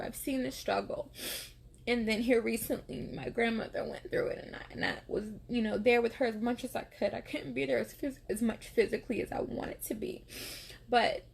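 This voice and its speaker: A young woman talks in a loose, heartfelt way, stacking little fillers and soft laughs as she tells her story. Her voice sits a touch high, with a gravelly fry that shows up under her words. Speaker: nurse and vlogger. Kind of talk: casual faith-sharing chat.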